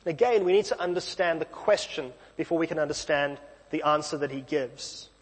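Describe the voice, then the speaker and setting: A man's voice: fairly high pitch, fairly quick, husky, big-room sound. A man preaching a sermon in a church, talking conversationally with light self-deprecating asides.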